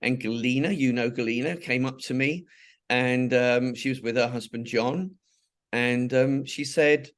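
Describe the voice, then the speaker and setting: A man's voice: mid-range voice, a little slow. Rambling man telling stories. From England. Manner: rambling, many restarts and asides. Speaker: interviewee, charity founder. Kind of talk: conversational interview storytelling.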